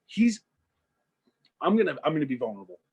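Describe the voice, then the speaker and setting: A young man co-hosting a podcast, telling a made-up story in a loose, rambling way and slipping into quick character voices. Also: a little high, big pitch swings, darkish tone, breathy edge, dull audio. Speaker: podcast co-host. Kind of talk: casual storytelling chat.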